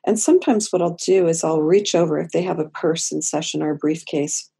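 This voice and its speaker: Low, creaky-voiced woman therapist. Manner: slow, deliberate, gentle emphasis. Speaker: therapist and guest. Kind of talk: podcast interview.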